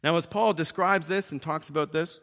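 A man preaching in an earnest, emphatic way, his voice sitting a little higher than most men's. The sound is dull and a bit muffled, with a long reverb trailing off each phrase in a church sanctuary. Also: normal speed, fairly bright tone. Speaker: pastor. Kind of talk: sermon.

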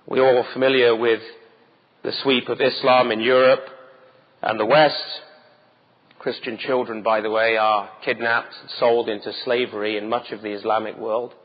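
A man's voice: mid-range voice, level tone, moderate pace, in a large hall, lo-fi sound. A man preaching a sermon with urgency and emphatic rhetorical questions. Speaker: pastor.

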